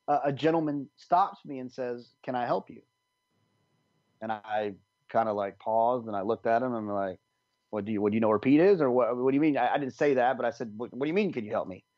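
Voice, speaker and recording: A man's voice: mid-range voice, dry recording, highs cut off. A man telling a long story on a podcast, rambling with many restarts, acting out what people said. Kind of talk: casual storytelling.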